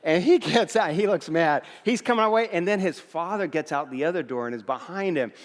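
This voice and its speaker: A middle-aged man preaching a sermon as a pastor, telling a story with humor and lively restarts. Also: fairly high pitch, fairly quick. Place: large church auditorium. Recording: long reverb of a church hall.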